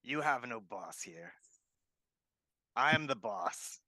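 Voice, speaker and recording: A man's voice: medium pitch, animated, slow, pushed and bright, dry recording. A man playing a blunt, aggressive male goblin boss in a tabletop role-play game, barking short orders in broken grammar. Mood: menacing.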